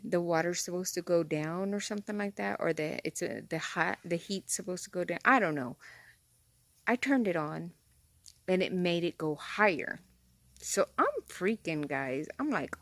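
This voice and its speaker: A woman vlogger telling a story straight to her viewers from inside a car, rambling and excitable. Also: lowish voice, moderate pace, no room sound. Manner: talks straight to viewers, rambling and excitable, says "freaking" a lot. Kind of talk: casual chatty storytelling to camera.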